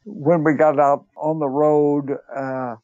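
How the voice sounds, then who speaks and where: A man's voice: on the high side, level tone, slow pace, a little mellow, no echo. An older man, a theater writer, chatting in an interview and telling anecdotes, chuckling as he goes. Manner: chatty storyteller, chuckles while telling, acts out quoted voices. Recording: dry, dull lo-fi sound.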